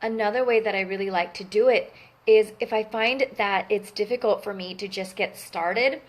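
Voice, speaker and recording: A young adult woman talking casually to camera about her personal practice, earnest and gentle, often stopping to correct her own words. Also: mid-range voice, normal speed. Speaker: wellness vlogger.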